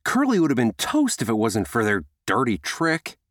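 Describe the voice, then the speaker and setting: A man's voice: medium pitch, wildly swooping pitch, moderate pace, dry recording, studio quality. A man doing an eager, earnest teen boy. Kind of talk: audiobook character voice.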